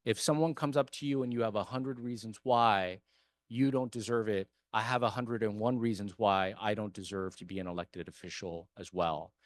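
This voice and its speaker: A city council member who came to America as an immigrant gives an earnest, emphatic speech in a meeting hall, repeating points for effect. His voice is lowish, with fairly even intonation and a moderate pace.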